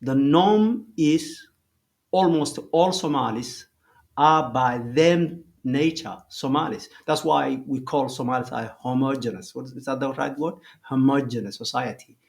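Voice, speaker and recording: Male commentator, mid pitch, unhurried, careful explainer who stops to rephrase. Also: creaky. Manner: deliberate, rephrases and pauses with fillers.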